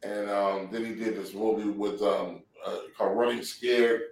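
A man's voice: lowish voice, steady tone, moderate pace. Roomy-sounding man telling loose stories. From San Diego. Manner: loose, laughing, profanity-laced storytelling. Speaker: comedian and actor guest. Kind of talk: casual interview storytelling. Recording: roomy sound from a distant mic.

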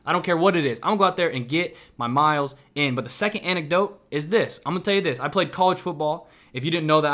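Bright-voiced emphatic young man podcaster. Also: fairly high pitch. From Kansas City, Missouri. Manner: emphatic and repetitive, with frequent "right?". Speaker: podcast host. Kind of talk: motivational solo podcast.

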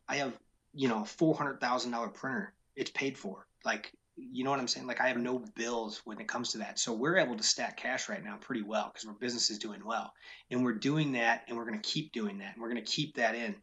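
A man's voice: medium pitch, brisk, a bit bright, lo-fi sound. A man who owns a business, talking frankly and emphatically in a casual interview, often repeating his key points. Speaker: business owner.

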